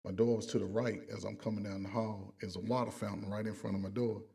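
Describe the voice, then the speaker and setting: A man's voice: lowish voice, flat delivery, fast, creaky, dark tone, breathy edge, recorded from a distance. A middle-aged man, a coach, telling a story from his army days in casual talk, acting out the voices and sound effects.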